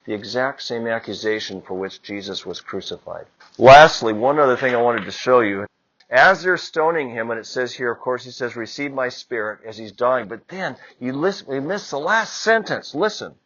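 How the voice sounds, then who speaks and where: A priest giving a conversational homily, building to moments of emphasis. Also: male voice, medium pitch, animated, moderate pace, fairly bright tone, muffled recording. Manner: conversational preaching with rising emphasis. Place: church.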